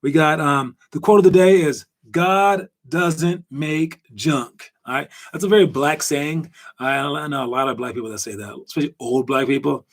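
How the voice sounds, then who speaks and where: Host, male, slightly high voice, loose rambling delivery full of fillers, casual sports chat. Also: fast, creaky, few pauses. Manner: rambling, animated, lots of fillers. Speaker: podcast host.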